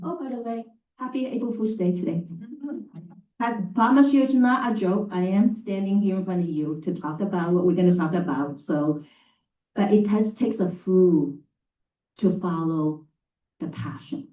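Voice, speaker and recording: A middle-aged woman tells anecdotes from her career to a live audience, speaking in an animated, emphatic way. Her voice sits low and sounds warm and mellow. She stands a little away from the mic, and the room around her carries a noticeable echo. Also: moderate pace, distant mic. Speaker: campus facilities and sustainability leader. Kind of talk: storytelling talk to a live audience. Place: talk venue, indoors.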